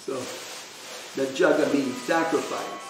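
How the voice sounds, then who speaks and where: A man giving a devotional scripture class in a conversational way, full of "you know", then reading a passage aloud slowly and deliberately. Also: on the high side, fairly even intonation. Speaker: class speaker. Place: temple hall. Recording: echoey room, distant mic, faint noise.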